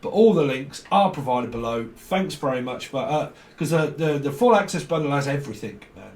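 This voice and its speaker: A man's voice: mid-range voice, lively intonation, a little fast, darkish tone. A man giving a rambling tarot reading, free-associating, swearing and chuckling as he goes. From near London. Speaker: tarot reader. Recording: roomy sound, mic at a distance.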